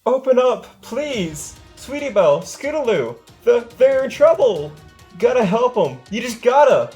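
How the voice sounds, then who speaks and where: A man's voice: high-pitched, sing-song, moderate pace, darkish tone, faint music behind, voice pushed up. A man voicing a terrified little filly pony, sobbing and stammering. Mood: frantic.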